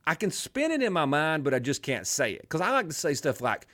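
A middle-aged radio host with a twangy Southern drawl from Alabama, talking in an animated, rambling way. His voice sits a bit high for a man and swings widely in pitch. He keeps drifting into joking asides. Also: fairly quick. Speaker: radio talk show host. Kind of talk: casual talk radio banter.

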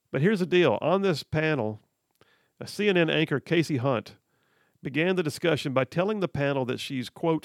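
A man's voice: a little high, animated, moderate pace, no echo, clean studio sound. A man hosting political talk radio, reading headlines aloud and mocking them with frequent laughs. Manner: sarcastic, laughs often, reads headlines aloud. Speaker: radio talk show host.

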